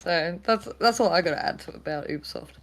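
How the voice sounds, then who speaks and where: Laid-back woman, lower voice. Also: a little fast, low-quality recording. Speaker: podcast co-host. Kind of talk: casual chat.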